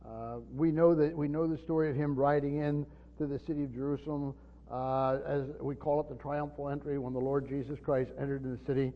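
A man preaching an unscripted Bible teaching in a church hall, halting and repeating words with many fillers. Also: mid-range voice, level tone. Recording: long reverb, dull lo-fi sound.

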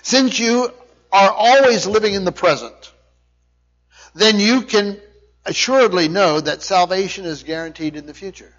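A man's high, fairly bright voice carries a sermon at a moderate pace. As a pastor, he restates his points with force and checks in with the congregation, all on dull lo-fi audio.

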